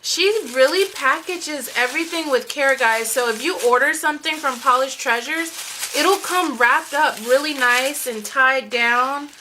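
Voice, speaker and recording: A young woman vlogger chatting excitedly through an unboxing, gushing with lots of "you guys" and "like". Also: sits high, a little slow, slight background noise. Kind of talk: unboxing vlog chat.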